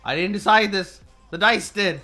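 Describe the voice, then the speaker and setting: A man streaming, telling stories in casual chat, animated and swearing freely. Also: high voice, normal speed, soft background music. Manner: animated storytelling with mimicked voices.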